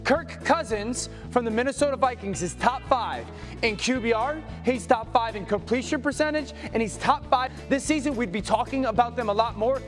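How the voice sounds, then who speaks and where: Brief: male reporter with a very high voice, emphatic, music behind. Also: normal speed. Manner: upbeat, emphatic. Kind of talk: sports report.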